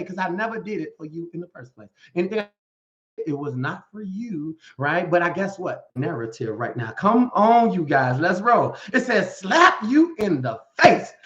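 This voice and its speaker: A man's voice: high voice, very animated, moderate pace, fairly bright tone. A man as a life coach, giving a motivational talk with Bible readings. He speaks in an emphatic, slangy, rhetorical way and keeps asking "right?". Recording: echoey room, dull lo-fi sound.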